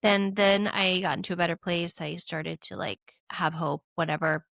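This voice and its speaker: Young woman, podcast co-host; gravelly, dry close mic; candid, emotional storytelling. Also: fairly low pitch, steady tone, moderate pace, fairly bright tone, no echo. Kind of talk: casual conversation.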